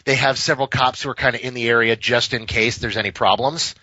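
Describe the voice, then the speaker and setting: A man, a podcast co-host, tells a long story in casual talk. He is animated and profane, and he acts out each person in it. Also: medium pitch, quick pace, no room sound. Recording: slightly dull, dry recording.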